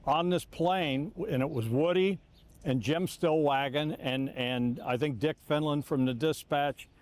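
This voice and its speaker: A man's voice: on the high side, a little slow. An older man, a longtime sportscaster, telling stories in a reflective interview, often restarting sentences and acting out quoted lines. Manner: animated, repeats words and restarts, acts out quotes.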